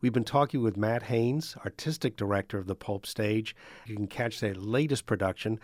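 Friendly male radio host with a low voice. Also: normal speed, a little mellow, dry recording, clean studio sound. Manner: friendly, laughs often. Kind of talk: radio interview. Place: radio studio. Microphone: studio microphone.

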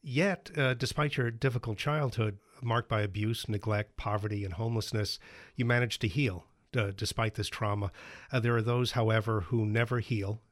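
A man interviewing an author, asking careful, measured questions. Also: lowish voice, fairly even intonation, dry recording, studio quality.

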